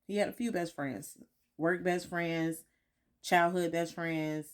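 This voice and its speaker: A woman's voice: lowish voice, fairly even intonation, takes it slowly. A woman vlogging at home in a candid, reflective way, often repeating herself and checking in with "right?". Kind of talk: casual reflective talk to followers. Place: home, morning.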